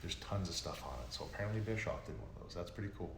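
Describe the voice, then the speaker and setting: A man's voice: sits low, animated, rapid-fire. A man hosting a livestream, chatting casually with viewers in a rambling, profane way that gets worked up. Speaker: livestream host. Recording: echoey room with faint noise.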